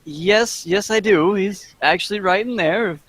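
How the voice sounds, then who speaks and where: A man's voice: sits high, a little slow, a bit bright, voice pushed up. A man playing a stiff, polite guard. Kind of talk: tabletop role-play.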